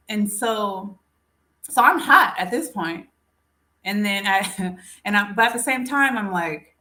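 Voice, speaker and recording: A woman's voice: mid-range voice, animated, unhurried, pushed and bright. A woman hosting a casual live stream, talking straight to her viewers and calling them folks. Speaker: livestream host.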